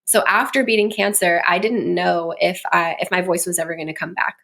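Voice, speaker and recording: This guest, a communication coach and musician in her thirties, speaks briskly in a fairly low, gravelly, slightly bright voice with fairly even intonation. The interview is a casual chat, and she laughs frequently while telling chatty stories.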